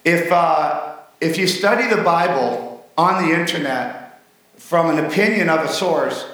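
A man pastor with a high, bright voice delivers a sermon full of folksy jokes. His voice rings out in a strongly echoing church hall. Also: lively intonation, unhurried, distant mic. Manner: folksy, joking storyteller. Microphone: mic on a stand, then handheld. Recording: echoey hall.

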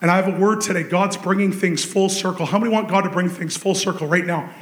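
A man preaching a sermon, telling a story with animated swings between excited shouting and hushed intensity. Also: high voice, quick pace, roomy sound.

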